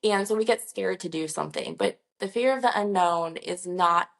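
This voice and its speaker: A woman's voice: on the low side, normal speed, gravelly, a bit bright. A woman working as a nurse injector, talking casually to camera in a chatty, reassuring, rambling way. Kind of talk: casual talk-to-camera vlog.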